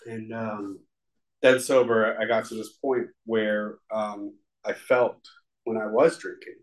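A man's voice: lowish voice, fairly even intonation, slow pace, rough recording. A man giving a personal testimony at a recovery meeting, talking in an earnest, confessional and rambling way with many fillers. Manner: rambling and conversational, full of fillers.

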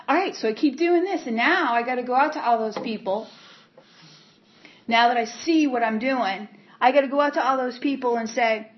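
A woman giving a candid personal testimony about her recovery, talking in a halting way with many repeats and fillers. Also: on the high side, a little hiss or hum. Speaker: speaker sharing her recovery story. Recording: dull lo-fi recording.

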